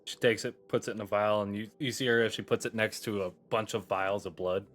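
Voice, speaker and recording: A man's voice: fairly low pitch, steady tone, brisk, fairly bright tone. A man narrating a tabletop game as game master, casual and swearing freely.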